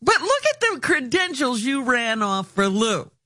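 High-voiced man chiming in slowly. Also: big pitch swings, sharp tone, no room sound, studio quality. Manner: short reactive interjections. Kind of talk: casual chat.

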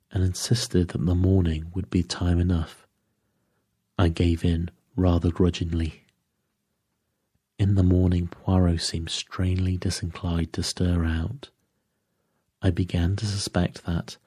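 A man narrating a bedtime sleep story in a calm, measured way. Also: deep voice, slightly rough, dry recording, studio quality.

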